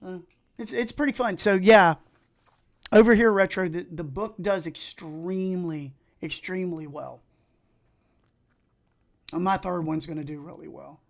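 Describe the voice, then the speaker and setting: A middle-aged man with an Appalachian accent, chatting casually and excitably while streaming video games and telling rambling stories. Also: high voice, unhurried, creaky, pauses often. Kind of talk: casual live-stream chat while gaming.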